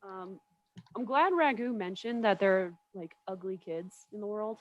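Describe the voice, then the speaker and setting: A woman's voice: medium pitch, animated, normal speed, muffled recording. A young woman doing stand-up over a video call, rambling and self-mocking, often laughing at her own lines. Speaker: comedian.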